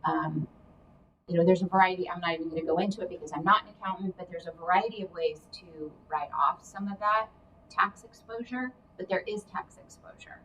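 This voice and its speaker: A woman's voice: on the low side, brisk, fairly bright tone. Chatty woman, distant mic. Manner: chatty, explanatory, hedges with asides. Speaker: career coach guest. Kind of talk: casual advice chat. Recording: distant mic with faint background noise.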